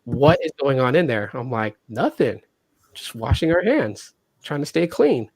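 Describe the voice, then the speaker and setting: A man with an animated way of telling a story, who acts out the people he quotes. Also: a little slow, breathy edge, no room sound. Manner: animated, acts out quotes with jumps in pitch and loudness. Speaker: podcast host. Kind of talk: casual storytelling.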